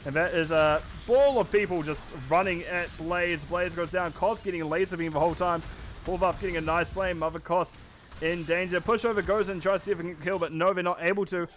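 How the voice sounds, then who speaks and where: A man casting a live esports match with quick, chatty play-by-play commentary, often correcting himself mid-sentence. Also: high voice, steady tone, fairly bright tone, slight background noise. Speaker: esports caster.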